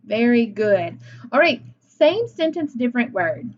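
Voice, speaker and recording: A woman teaching a phonics lesson to young children, deliberate and encouraging, with frequent praise. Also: on the high side, big pitch swings, dull audio.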